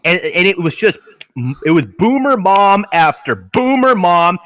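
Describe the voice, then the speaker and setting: A man hosting a casual podcast, ranting and swearing freely. His voice is bright and somewhat high for a man, with an edge of heat to it. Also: lively intonation, measured pace. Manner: profane, ranting. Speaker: podcast host. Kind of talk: casual chat.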